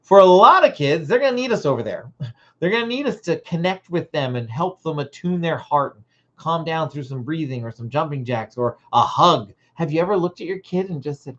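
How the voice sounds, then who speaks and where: A Christian parenting coach hosting a livestream, teaching parents in an animated way and acting out short dialogues. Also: medium pitch, brisk, dull audio.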